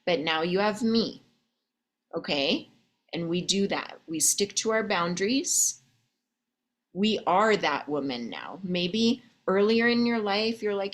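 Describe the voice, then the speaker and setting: Slow-talking woman love coach. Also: fairly low pitch. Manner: chatty, sprinkles in "okay?" and "like"; addresses listeners as ladies, honey, babe. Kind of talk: coaching talk to viewers.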